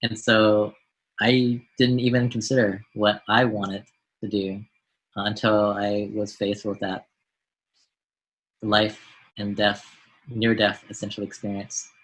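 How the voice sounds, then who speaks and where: A man's voice: fairly low pitch, little pitch movement, slow pace, long pauses, slightly rough, low-quality recording. An American man, a doctor being interviewed on a podcast, speaking in a reflective way and often repeating words as he restarts. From United States. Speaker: guest, doctor and mentor.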